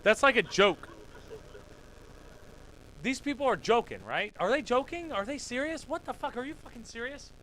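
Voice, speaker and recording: A man hosting his own show, reacting to dash cam videos with loud swearing outbursts and quiet muttered asides. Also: very high voice, animated, moderate pace, pauses often, a little hiss or hum. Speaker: podcast host.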